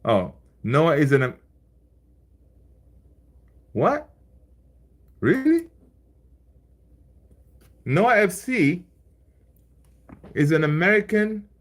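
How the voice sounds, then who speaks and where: A man's voice: a little high, lively intonation, takes it slowly, pauses often, fairly bright tone. A man hosting a live stream in a loose, conversational way. He talks back to chat and repeats his own lines for emphasis. His speech is full of fillers and restarts. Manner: loose and chatty, laughs along with viewers; many fillers, repeats phrases. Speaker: livestream host reading chat.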